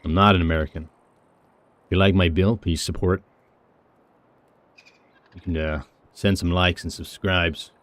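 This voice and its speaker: A man's voice: low-pitched, steady tone, measured pace, long pauses, no room sound. A British man giving chatty, rambling commentary on his game stream, with self-mocking asides. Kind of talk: casual gameplay commentary.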